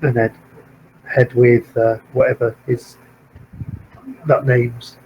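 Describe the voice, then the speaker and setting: A man playing in a tabletop game, speaking quickly and casually. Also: medium pitch, flat delivery, highs cut off, slight background noise. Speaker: player.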